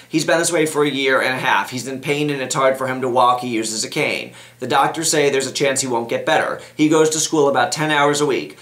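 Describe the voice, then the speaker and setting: A man with a mid-range, fairly bright voice hosts an advice show, heard in a roomy space. He reads viewer letters aloud and answers them in a chatty, rambling way, often restarting his sentences.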